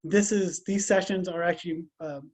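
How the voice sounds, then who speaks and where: Animated, high-voiced man teaching on a call. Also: moderate pace. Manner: conversational, animated storytelling with many restarts. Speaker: Islamic class teacher. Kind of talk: casual religious lesson. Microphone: video call.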